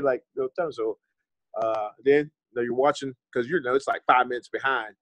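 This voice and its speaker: A man in his thirties from the States talks through his past in a loose, candid way, dropping the odd curse and slipping into the voices of people he remembers. His voice sits at an ordinary pitch for a man. The sound is close and dry, with no room around it. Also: a little fast, fairly bright tone, no echo, poor audio. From United States. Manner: candid and loose, swears freely and acts out remembered conversations. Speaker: former pro running back, podcast guest. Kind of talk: casual storytelling interview.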